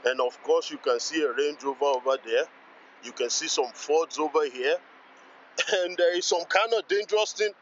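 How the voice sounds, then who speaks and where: A man's voice: fairly high pitch, moderate pace, highs cut off, slight background noise. A man vlogging as he walks around a rainy outdoor car meet, hyped and exclamatory, repeating himself as he points things out. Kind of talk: excitable walkaround vlog.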